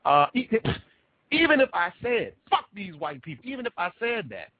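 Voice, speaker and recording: A tired man hosting a radio show, talking in an animated, emphatic way and repeating points for effect. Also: high voice, moderate pace, no room sound. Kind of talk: animated talk at a conference. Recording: tinny phone-like dry recording.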